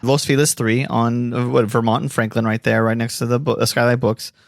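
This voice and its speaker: Gravelly wry middle-aged podcast man. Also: medium pitch, fairly quick, dry recording, studio quality. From Los Angeles area. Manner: wry, deadpan jokes, laughs often. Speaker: podcast co-host. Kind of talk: casual comedic chat.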